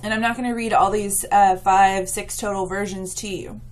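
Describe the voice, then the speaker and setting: A woman's voice: medium pitch, steady tone, moderate pace. A woman writing instructor giving a recorded lecture and patiently explaining slides to her students. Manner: patient and explanatory, with some fillers.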